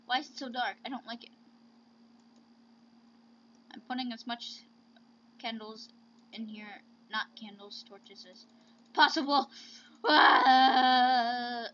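A woman's voice: a little high, fairly even intonation, unhurried, long pauses, bright, forceful tone, slight background noise. A woman hosting let's-play commentary, chatting to her pets with sudden squeals, close to a home mic. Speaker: gaming channel host. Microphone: close desk mic. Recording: dull lo-fi recording.

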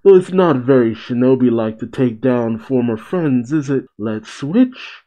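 A man's voice: medium pitch, expressive, unhurried, dark tone, natural voice. A man reading the lines of a cruel male demon spirit in a manga, taunting coldly, close to his own voice. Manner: cold, taunting.

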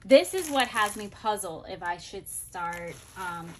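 A woman's voice: mid-range voice, animated, unhurried, background noise. A woman chatting casually and gushing over planners as she shows them off, thinking aloud as she goes. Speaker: planner vlogger. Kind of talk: casual product haul chat.

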